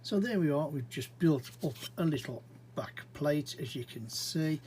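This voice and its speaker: A man's voice: fairly high pitch, lively intonation, a little mellow, a little hiss or hum, poor audio. A man giving casual, rambling commentary as he narrates his own brick model build. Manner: chatty, rambling, unhurried, with frequent fillers.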